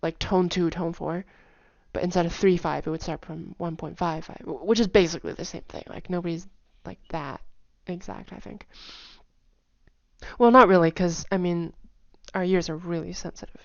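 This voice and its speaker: A woman giving a casual explanatory lesson, demonstrating pitch with sung "da" syllables and quickly repeated words, chatty with frequent "like" fillers. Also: fairly even intonation, vocal fry, no room sound, highs cut off. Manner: chatty, with many "like" fillers and soft asides. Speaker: language teacher.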